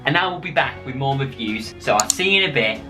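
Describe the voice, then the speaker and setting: A man's voice: mid-range voice, lively intonation, fairly quick, over loud music. Chatty man reviewing gear. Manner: chatty, repetitive, addresses viewers as guys. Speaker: tech reviewer. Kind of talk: casual product review.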